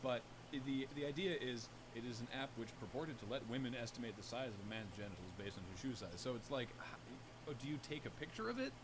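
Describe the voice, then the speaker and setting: A man's voice: mid-range voice, animated, fast talker, background noise. Sardonic male satirical news host. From Canada. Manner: dry, sardonic delivery.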